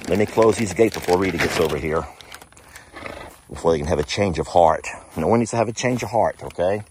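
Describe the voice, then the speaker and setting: A man with a low, deep voice and a drawl, who narrates his sanctuary vlog in a chatty, folksy way. He talks to the animals as much as to his viewers. He is recorded outdoors in a pasture. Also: brisk, a little mellow, a little hiss or hum.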